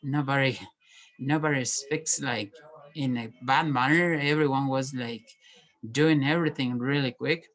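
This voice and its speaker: Guy talking slow and halting, lots of restarts, soft and earnest, mid pitch. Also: steady tone, poor audio. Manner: halting, many restarts and pauses. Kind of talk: personal reflective monologue.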